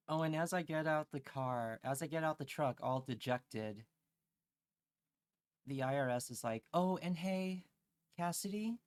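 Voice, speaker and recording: Slow, rambling male streamer. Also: medium pitch, clean tone, no echo. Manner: rambling, with many fillers and repeated phrases. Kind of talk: comic rant on a live stream.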